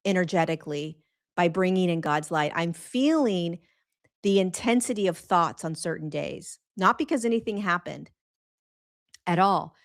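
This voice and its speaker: A woman hosting a live spiritual talk show, speaking earnestly and emphatically, repeating phrases for stress and slowing right down on key words. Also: lowish voice, animated. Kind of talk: live-streamed spiritual monologue.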